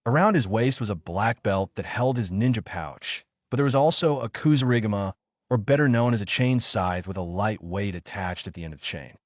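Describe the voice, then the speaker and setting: A man reading a fan fiction story aloud as narrator, in an animated storytelling way. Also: fairly low pitch, moderate pace, dry recording, clean studio sound.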